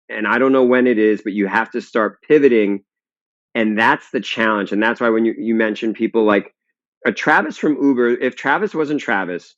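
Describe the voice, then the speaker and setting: A man's voice: medium pitch, no echo. Emphatic man, dull dry sound. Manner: emphatic, building arguments with repetition. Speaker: guest, restaurant and fitness founder. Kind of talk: podcast interview.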